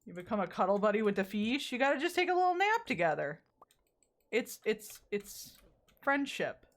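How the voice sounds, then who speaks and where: A woman's voice: medium pitch, sing-song, normal speed. A woman streamer chatting casually while playing a game, often exasperated, rambling and swearing at it. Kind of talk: casual gameplay chat.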